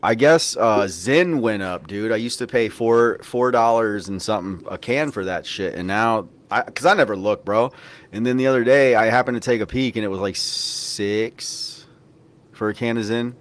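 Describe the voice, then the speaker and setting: A man's voice: fairly low pitch, normal speed. A man hosting a podcast, telling rambling, profanity-laced stories in casual chat. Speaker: podcast host.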